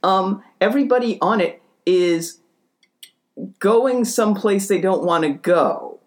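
A man's voice: sits high, slow. A man co-hosting a podcast, talking in casual chat with blunt, opinionated rants. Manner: blunt, opinionated ranting with swearing. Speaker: podcast co-host.

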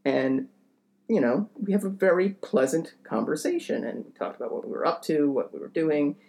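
Gravelly-voiced man rambling through a story. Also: a little high, normal speed, a little mellow. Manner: rambling, hesitant, filler-heavy, self-deprecating. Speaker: podcast co-host telling a story. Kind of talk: casual comedic storytelling.

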